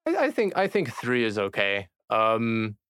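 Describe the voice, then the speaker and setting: A man's voice: on the low side, big pitch swings, unhurried, fairly bright tone, clear, resonant tone, dry recording, clean studio sound. A man taking part in a casual tech chat, hesitant and often repeating his words.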